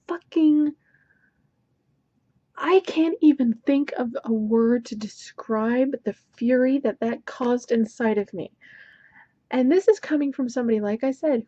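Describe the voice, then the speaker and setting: A woman's voice: fairly high pitch, warm tone, dry recording, muffled recording. A woman giving a casual book review, exasperated and sarcastic as she rants. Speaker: book vlogger.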